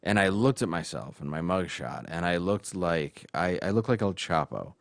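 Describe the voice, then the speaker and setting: A man's voice: sits low, animated, normal speed, no echo, clean studio sound. A man, a stand-up comedian, telling a candid, self-mocking story in casual talk.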